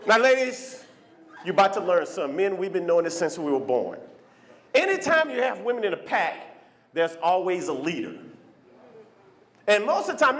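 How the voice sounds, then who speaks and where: A male stand-up comic with an unusually high voice that swings wildly up and down. He works the club crowd loud and animated, breaking into shrill voices for the people in his stories. He talks into a handheld stage mic. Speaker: stand-up comedian. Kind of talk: stand-up comedy set.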